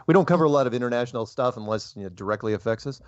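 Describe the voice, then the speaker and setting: A man hosting a talk show, talking in a rambling, animated way and laughing often. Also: mid-range voice, racing, no room sound, muffled recording. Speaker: show host. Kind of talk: casual interview chat.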